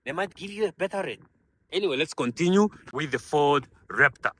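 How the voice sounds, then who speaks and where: A man giving an enthusiastic car walkaround review, pointing out features with frequent fillers and calling his viewers ladies and gentlemen. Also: on the high side, lively intonation, a little fast, a little hiss or hum.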